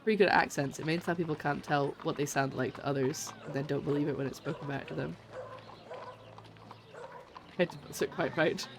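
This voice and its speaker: A woman's voice: sits low, fairly quick, gravelly, pauses often, noisy background. A woman streaming a video game and chatting casually as she plays, giggling often and making fun of herself. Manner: giggly, chatty, self-mocking. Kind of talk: casual let's-play commentary.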